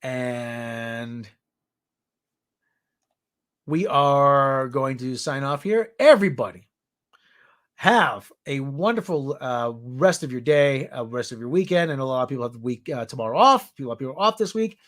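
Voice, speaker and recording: A man's voice: mid-range voice, expressive, moderate pace, a bit bright. A man from the New area, hosting a casual news roundup in a rambling way with jokey asides. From New York area. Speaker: show host.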